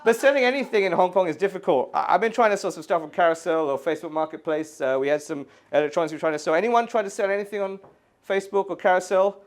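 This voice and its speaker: A man's voice: high voice, fast. A middle-aged man from England, performing a stand-up set in an exasperated, ranting manner with lots of swearing. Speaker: stand-up comedian. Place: art gallery stage, live audience.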